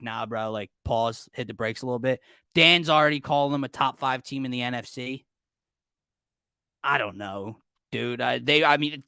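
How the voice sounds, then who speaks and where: A man hosting a casual sports talk show, excitable and rambling, often cutting himself off mid-thought. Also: medium pitch, no echo, studio quality. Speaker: podcast host.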